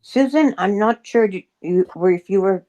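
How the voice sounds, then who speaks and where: A woman co-hosting a casual live-stream sale, making short relaxed comments and reading out viewer names. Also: mid-range voice, normal speed.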